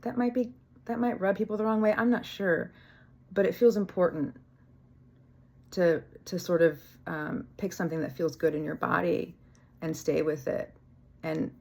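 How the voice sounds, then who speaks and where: A woman with a low, gravelly voice talks through a casual spiritual vlog. She is candid and a little rambling. She swears freely and laughs at herself. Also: darkish tone. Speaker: spiritual vlogger.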